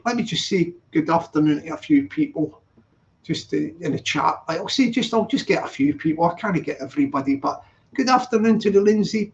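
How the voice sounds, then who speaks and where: A man talks loosely on a live stream, his voice pitched high and gravelly with fry. He rambles and greets viewers one by one by name. The sound is dull and lo-fi. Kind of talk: casual live-stream chat. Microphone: streaming setup.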